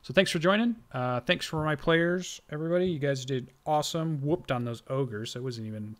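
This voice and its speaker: A man's voice: on the high side, fairly quick. A man serving as game master, casually wrapping up a streamed tabletop game session with loose, rambling announcements and frequent ums. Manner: casual, loose, with many ums and self-corrections.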